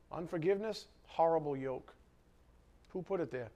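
Preaching to his congregation in a church hall, this male pastor fires questions at them and rises sharply whenever he gets worked up. His voice is fairly high and darkish in tone, and he speaks at a normal speed.

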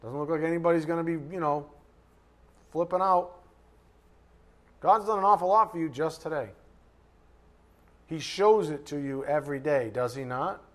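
Male Bible teacher, slightly high-pitched, conversational and joking with emphatic bursts. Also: moderate pace, pauses often. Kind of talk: sermon.

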